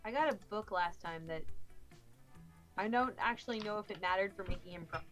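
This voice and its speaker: A woman speaks in an easygoing, polite way while playing a game with friends. Her voice sits at a middle pitch. Faint music plays behind her. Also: fairly quick, a bit bright. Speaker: streamer guest. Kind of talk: casual gaming chat.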